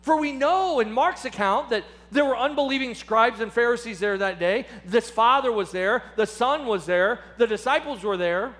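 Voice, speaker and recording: A man's voice: normal speed, few pauses, fairly bright tone. A man preaching a sermon, impassioned and acting out the people he quotes. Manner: impassioned, acts out quoted speakers with rising pitch. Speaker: pastor.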